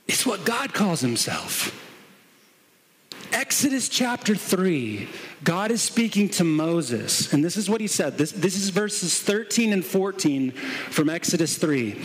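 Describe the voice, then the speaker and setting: A man's voice: high-pitched, a little hiss or hum. A man preaching an expository sermon to a congregation, teaching with rhetorical questions. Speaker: pastor. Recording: long hall reverb.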